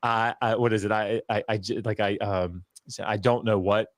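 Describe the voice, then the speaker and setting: A low-pitched man tells a story casually and with energy, slipping into the voices of people he quotes. The sound is dry and close. He mocks himself as he goes. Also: moderate pace, no echo. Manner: animated, acts out quoted voices, self-mocking. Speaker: guest scholar. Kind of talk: casual storytelling on a video call.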